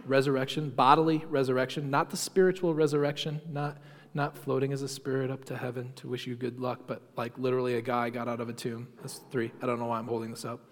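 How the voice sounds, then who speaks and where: A man's voice: medium pitch, level tone, fast, in a large hall. A man teaching a Sunday school class in a conversational lecture, often asking the class questions and using many fillers. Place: church classroom.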